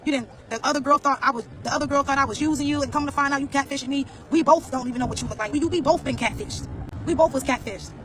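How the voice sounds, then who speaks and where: A vlogger with a very high voice rants quickly through a casual storytime for his viewers on a rough recording. He's blunt, profane and slangy, repeating phrases as he goes.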